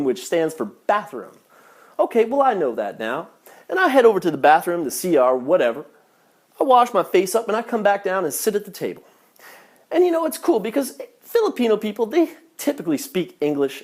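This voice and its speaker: A man telling a comic travel story in a vlog, swearing often and sounding exasperated at his own punchlines. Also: sits high. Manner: profane, exasperated, animated punchlines. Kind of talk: comedic storytelling.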